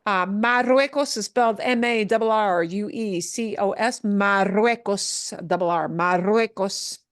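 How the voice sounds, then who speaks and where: A woman teaching a Spanish class, explaining slowly, repeating words for learners and mixing English with Spanish phrases. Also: mid-range voice, clear, resonant tone, no room sound, studio quality. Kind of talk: recorded class lesson.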